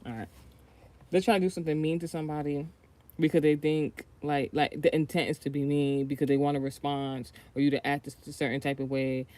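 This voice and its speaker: An American woman reads tarot on a casual livestream, her low, mellow voice moving a little fast with fairly even intonation. She rambles, swears freely and chats away, often trailing off and starting over.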